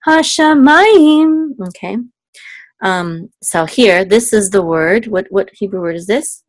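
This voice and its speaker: Woman tutor, casual one-on-one lesson, patient, step-by-step, checks in often, dry close sound. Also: no echo. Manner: sings syllables higher and slower as examples. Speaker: Hebrew cantillation teacher.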